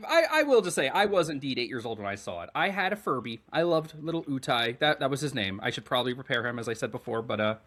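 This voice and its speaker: A man co-hosting a podcast in casual chat, animated and rambling, swearing freely. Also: mid-range voice. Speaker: podcast co-host.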